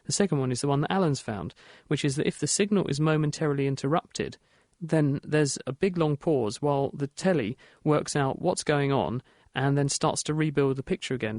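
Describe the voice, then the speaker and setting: A man hosting a radio science show, explaining answers in a brisk, plain-spoken way. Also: medium pitch, darkish tone, no echo, studio quality. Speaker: host.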